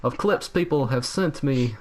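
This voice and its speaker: A man's voice: mid-range voice, a little slow, a little mellow, slight background noise, pitched above the performer's own voice, natural voice. A man putting on an impression of a peppy male gaming YouTuber, raising his voice into a bubbly upbeat welcome. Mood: chirpy.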